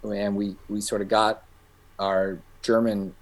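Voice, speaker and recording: A man's voice: on the low side, slow pace. A middle-aged man, a guest filmmaker, telling a long anecdote in casual chat and acting out the voices of the people he quotes. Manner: animated storyteller who acts out quoted voices.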